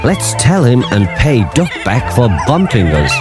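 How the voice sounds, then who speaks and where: A man's voice: mid-range voice, very animated, measured pace, loud music behind the voice. A man voicing rude, mischievous freight trucks who speak with mocking glee. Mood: gleeful. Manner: mocking and gleeful.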